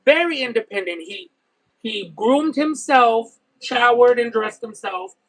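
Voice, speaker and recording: Man, strikingly high voice, casual stream chatter, talkative, expressive, occasional cursing. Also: rough recording. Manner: chatty and expressive, frequent "you know what I mean"; swears casually. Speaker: streamer reading chat. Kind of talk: casual livestream chat.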